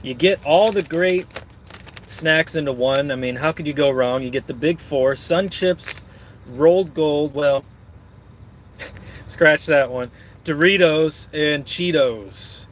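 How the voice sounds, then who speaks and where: A man's voice: a little high, takes it slowly, a little hiss or hum. A man streaming and reading his chat, rambling in a crude, joking way while snacking.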